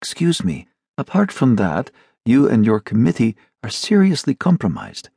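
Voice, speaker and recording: Male narrator as a cool, dry-spoken town secretary in an audiobook, calmly lecturing. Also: medium pitch, moderate pace, gravelly, slightly rough, no room sound, full character voice. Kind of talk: audiobook character reading.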